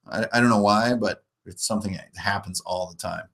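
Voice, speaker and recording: Fairly quick and with few pauses, this man's somewhat low, steady, slightly bright voice carries a rambling, jokey live chat about tabletop gaming. He's in his forties and frequently laughs at his own expense while streaming.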